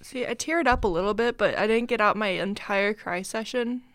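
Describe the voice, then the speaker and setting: A woman's voice: medium pitch, normal speed, fairly bright tone, dry recording. A young woman co-hosting a podcast, talking casually in a laid-back, self-deprecating way. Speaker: podcast co-host. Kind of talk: casual chat.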